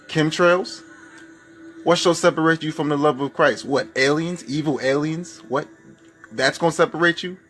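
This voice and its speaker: A man's voice: on the high side, a bit bright. A man preaching a spoken-word sermon, firing off fervent rhetorical questions.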